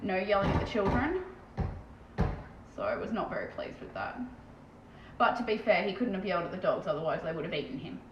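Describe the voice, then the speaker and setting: A woman's voice: medium pitch, big pitch swings, brisk, long pauses. Chatty Australian woman in a roomy lo-fi room. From Western Australia. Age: 30s. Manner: chatty, blunt and self-mocking, swears casually. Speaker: hobby painting streamer. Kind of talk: casual live-stream chat. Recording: roomy, dull lo-fi sound with faint background noise.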